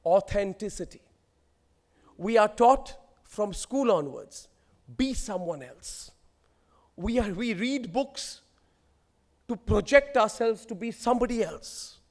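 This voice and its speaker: A man's voice: high-pitched, unhurried. A man in his forties with an Indian English accent, giving an emphatic motivational speech built on rhetorical lists. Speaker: keynote speaker.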